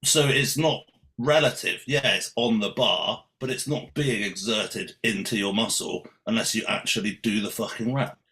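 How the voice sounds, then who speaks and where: A man's voice: fairly low pitch, normal speed, bright, forceful tone. A man bluntly explaining lifting science in a casual podcast chat. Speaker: podcast co-host.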